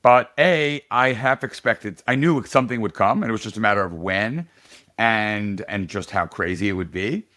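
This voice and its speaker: This is a middle-aged candidate for political office spinning a tale in an informal podcast chat, animated and quick to laugh. His voice sits on the lower side, at a moderate pace.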